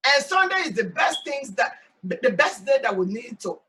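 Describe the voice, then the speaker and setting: A woman from Sierra Leone with a Sierra Leonean accent, hosting an animated, emphatic talk monologue outdoors. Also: on the high side, moderate pace, distant mic, rough recording. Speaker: host. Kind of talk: casual talk show monologue. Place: outdoors in hot sun.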